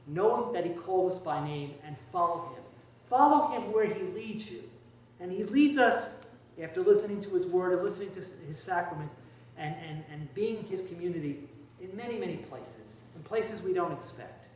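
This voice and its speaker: A man preaching in a church, heard from a distance in a very echoey space with soft room ambience behind him. His voice is fairly high, and he talks in a conversational, wry way, pressing hard on his points. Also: a little hiss or hum. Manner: conversational, wry, emphatic, with asides. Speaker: priest. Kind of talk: sermon. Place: church sanctuary.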